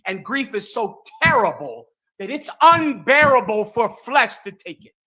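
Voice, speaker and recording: Male preacher type, bright voice, solemn biblical delivery. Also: very high-pitched, very animated, unhurried, slightly rough. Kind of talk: sermon-like commentary.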